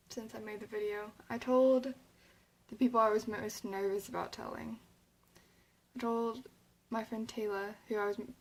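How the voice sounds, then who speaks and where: A woman's voice: mid-range voice, rough recording. A young woman talking casually to her camera, rambling, with lots of "like" and fillers, and sounding a little emotional. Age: young adult. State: emotional, near tears. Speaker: vlogger.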